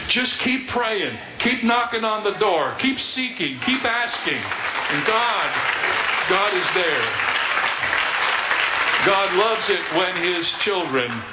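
A man's voice: high-pitched, lively intonation, takes it slowly, over a noisy crowd. A man preaching a sermon, urging his listeners to keep praying persistently. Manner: urging, exhortative. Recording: echoey, dull and noisy.

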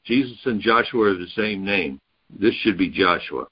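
A man's voice: sits low, lively intonation, moderate pace, husky, dull audio. A man teaching a Bible study, reading verses aloud and explaining them point by point. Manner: reads scripture aloud, then explains it step by step.

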